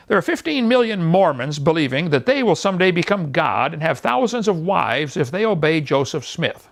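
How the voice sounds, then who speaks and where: A man's voice: fairly high pitch, normal speed, vocal fry, hardly any pauses. A man in his sixties preaching in a mocking, scornful way, laughing at the views he attacks and acting out the people in his stories. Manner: animated storytelling, quotes others in voices. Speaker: evangelist. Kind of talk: preaching talk.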